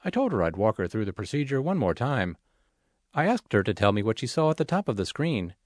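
A man reading a magazine article aloud in a measured, expressive way, as scripted narration. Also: lowish voice, no echo, clean studio sound.

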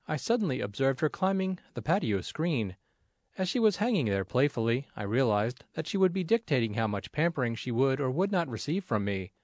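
Male reader for a first-person essay: earnest, gently humorous, animated pitch, dry close sound. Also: no echo. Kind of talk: reading a personal essay aloud.

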